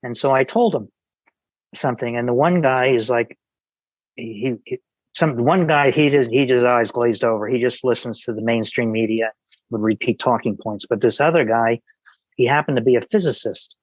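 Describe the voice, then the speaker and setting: A man's voice: mid-range voice, normal speed, no room sound, lo-fi sound. A man, a podcast guest, telling an anecdote in casual conversation, with many restarts and quoted dialogue.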